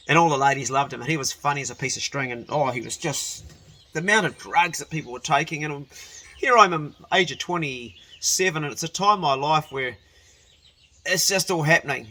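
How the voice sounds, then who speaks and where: A man's voice: medium pitch, sharp tone, a little hiss or hum. A man telling a rambling personal story in a casual way, often correcting himself and laughing as he goes.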